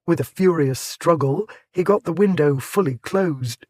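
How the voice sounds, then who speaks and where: A man narrating an audiobook in a measured, clear way. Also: on the high side, a little mellow, dry recording. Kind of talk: scripted narration.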